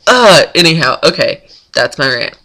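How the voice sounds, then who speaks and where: A woman's voice: deep voice, a little slow, sharp tone. A young woman from North Florida chatting casually in a vlog, rambling with lots of ums. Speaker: blogger.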